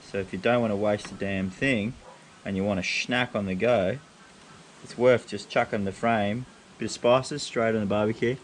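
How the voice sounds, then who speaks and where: An easygoing man with a somewhat low voice walks viewers through grilling fish at an outdoor barbecue. He talks in a casual, brash way with a bit of mild swearing, like a vlog host showing his mates how it's done. A faint hiss of noise sits under his voice. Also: steady tone, moderate pace. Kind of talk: casual cooking demonstration.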